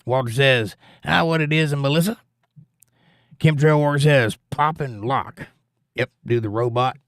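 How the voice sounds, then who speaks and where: A Georgia man hosts a livestream, reading viewer comments aloud and spinning jokey stories in a folksy, casual way. His voice is mid-range, and the studio-quality audio has no room sound.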